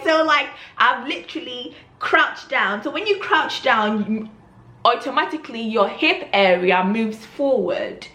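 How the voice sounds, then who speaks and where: A young woman vlogger telling an embarrassing story in an animated way, acting out the scene. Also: fairly high pitch, a little slow, echoey room. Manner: animated storytelling with loud gasping reenactments. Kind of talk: storytime vlog.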